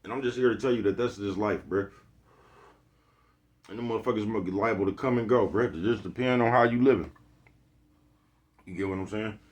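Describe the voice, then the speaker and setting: A man's voice: lowish voice, brisk, long pauses. A man giving a laid-back motivational vlog monologue, who keeps repeating "you know what I'm talking about.". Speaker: vlogger.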